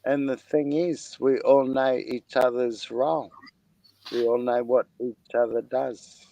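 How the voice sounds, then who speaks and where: A man's voice: medium pitch, little pitch movement, unhurried, vocal fry, mellow, poor audio. A man chatting in a laid-back, agreeable way, with some swearing. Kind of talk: casual chat.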